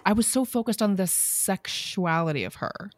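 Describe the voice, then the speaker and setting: A woman's voice: mid-range voice, lively intonation, moderate pace, no room sound. A woman co-hosting a casual discussion, blunt and opinionated when she makes her point. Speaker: co-host.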